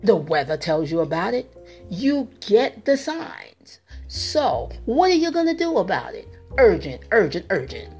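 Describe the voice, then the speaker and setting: A woman's voice: medium pitch, very animated, a little slow, darkish tone, slightly rough, soft background music. A woman preaching a podcast sermon, insistent and repeating key words for emphasis, then leading a prayer.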